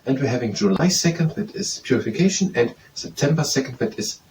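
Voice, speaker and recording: A man's voice: mid-range voice, expressive, fairly quick, darkish tone. Man quizzing himself, mic far off. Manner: repetitive self-quizzing, hesitant restarts. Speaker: student memorizing aloud. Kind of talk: thinking aloud while studying. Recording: distant mic with faint background noise.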